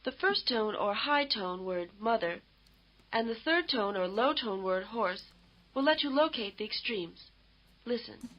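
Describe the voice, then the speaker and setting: A woman giving scripted instructional narration for a language course, in a measured, explanatory way. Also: on the high side, lively intonation. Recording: dull lo-fi tape audio.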